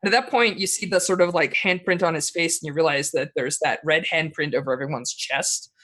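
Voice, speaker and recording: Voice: mid-range voice, fairly quick, sharp tone. A game master narrating a tabletop role-playing game in a rambling way, with many fillers.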